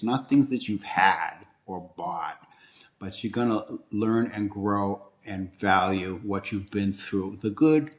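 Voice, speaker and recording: Upbeat older man with a Boston accent. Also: on the low side. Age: 60s. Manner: joking, upbeat, reflective. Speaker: interview guest. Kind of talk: conversational interview.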